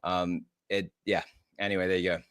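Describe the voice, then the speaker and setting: Earnest guest from Australia, smooth low male voice, dry close mic. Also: flat delivery, brisk, fairly bright tone, no room sound. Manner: earnest, stumbles and restarts, laughs easily. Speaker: podcast guest. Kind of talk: casual interview chat.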